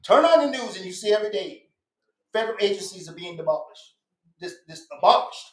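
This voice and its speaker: A man's voice: high voice, lively intonation, a little fast. A man guest on a podcast, speaking in an emphatic, insistent way and repeating his points. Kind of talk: casual podcast conversation. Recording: echoey room.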